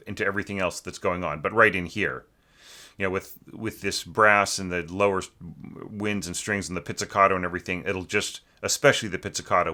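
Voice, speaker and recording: A man's voice: deep voice, bright, forceful tone. A man teaching orchestration who talks through a student's score in a loose, conversational way, often with fillers, and sings phrases aloud to show how they should sound. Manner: sings musical phrases to illustrate, many fillers. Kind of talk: casual spoken critique.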